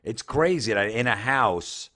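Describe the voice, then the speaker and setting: A man's voice: medium pitch, expressive, unhurried, bright, forceful tone. A man doing comedic commentary as he reads social media posts aloud, sarcastic and incredulous, with frequent swearing. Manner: sarcastic, incredulous, profane ranting. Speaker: comedian host.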